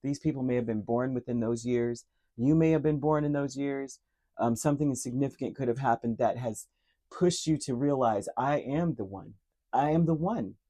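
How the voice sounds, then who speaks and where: A tarot reader with a medium-pitched, dark-toned male voice addresses the listener directly. His delivery is earnest and emotional, and he keeps repeating key words, with frequent fillers and restarts.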